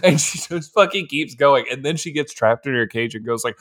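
A man co-hosting a podcast, riffing on a movie with lots of laughter and mocking high-pitched impressions of the characters. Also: moderate pace, hardly any pauses. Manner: animated, laughing, mocks characters in high voices. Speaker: podcast co-host. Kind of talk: casual movie commentary.

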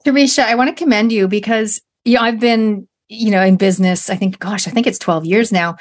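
A woman hosts a podcast, keeping the interview chat casual and sounding enthusiastic and affirming toward her guest. Her voice is mid-range and her pace brisk.

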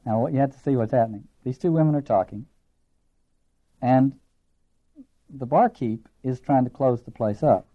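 A man with a Southern American accent giving a literature lecture, earnest and emphatic, slow and deliberate, then quick. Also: medium pitch. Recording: dull lo-fi lecture recording.

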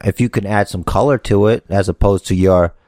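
A man's voice: on the low side, brisk, darkish tone, dry recording, studio quality. A man co-hosting a casual wrestling podcast, sarcastic and given to profane rants. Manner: sarcastic, ranting, swears a lot. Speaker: podcast co-host. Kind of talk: casual chat.

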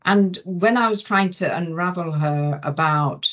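A woman guest on a podcast, telling coaching stories in an animated way with many restarts. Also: lowish voice, unhurried. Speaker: coaching guest, change manager. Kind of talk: conversational podcast interview. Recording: dull lo-fi podcast audio.

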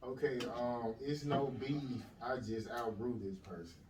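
A man's voice: medium pitch, moderate pace, noisy background. A man hosting a casual interview, asking direct questions in a laid-back way. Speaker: interview host. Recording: roomy, distant mic with faint ambience.

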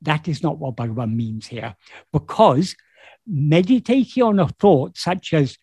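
A man's voice: fairly high pitch, expressive, unhurried, darkish tone, husky, no echo. A man explaining a spiritual text in a video call talk, thoughtful, often rephrasing himself mid-sentence. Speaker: spiritual teacher.

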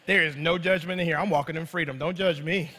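A man's voice: a little high, steady tone, quick pace, pushed and bright, big-room sound. A man in his thirties preaching a sermon in church, telling a story animatedly and addressing the congregation as y'all. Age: 30s. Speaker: pastor.

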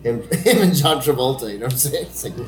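A man's voice: medium pitch, lively intonation, crowd noise. Laid-back man in an echoey room. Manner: laid-back, joking, quick to laugh along. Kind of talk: casual chat.

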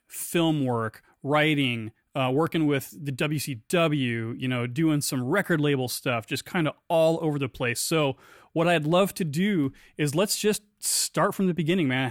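A man hosting a podcast, joking about himself in a wry, quick-talking way before chatting casually with his guest. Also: on the high side, dry recording, studio quality. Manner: wry, self-mocking jokes, quick delivery. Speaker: podcast host. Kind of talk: scripted intro then casual interview chat.

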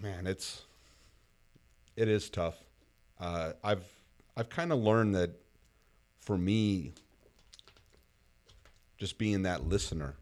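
A man's voice: low-pitched, darkish tone. A man hosting a casual conversation, talking reflectively with frequent fillers.

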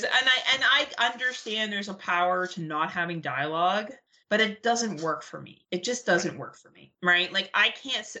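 A young adult woman co-hosting a podcast in casual chat, blunt, profane and animated as she rants. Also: lowish voice. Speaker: podcast co-host.

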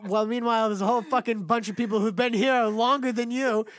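A young man talks in a casual podcast, his voice high. He rants and swears freely, breaking into laughs. The sound is dry and close. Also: fairly even intonation, fast talker, fairly bright tone, no echo. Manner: profane, ranting, laughs often. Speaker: podcast co-host. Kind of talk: casual chat.

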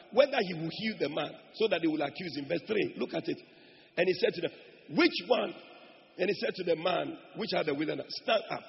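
A man preaching a sermon, emphatic, swinging from loud declarations to quiet asides. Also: sits high, creaky. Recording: dull, lo-fi recording in a long-reverb hall.

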